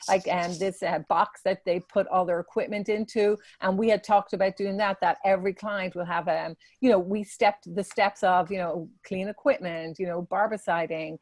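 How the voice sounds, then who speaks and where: A woman's voice: fairly low pitch, fairly even intonation, moderate pace, few pauses, a little mellow, no room sound. A woman who runs salons, giving a casual, earnest talk to salon leaders with many fillers. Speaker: salon business leader presenting a webinar.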